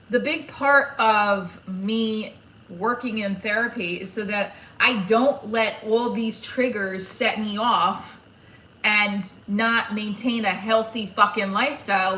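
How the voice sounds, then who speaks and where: Her voice sits mid-range with a sharp edge as this comedian vlogs her day, frank and rambling. She swears freely and keeps restarting, recorded in an echoey space with a little background noise.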